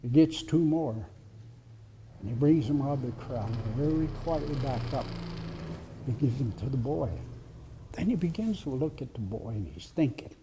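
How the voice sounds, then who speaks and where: A man telling a story live at a heritage center presentation, with dramatic pauses and drops to a whisper for suspense. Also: mid-range voice, animated, warm tone, slight background noise.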